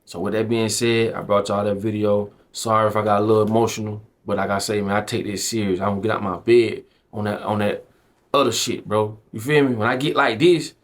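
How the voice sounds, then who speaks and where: A man's voice: fairly low pitch, level tone, brisk. Impassioned man preaching to camera. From Belle Glade, Florida. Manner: preachy, emphatic, slangy, addresses viewers as bro and man. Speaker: vlogger. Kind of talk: impassioned direct-to-camera commentary.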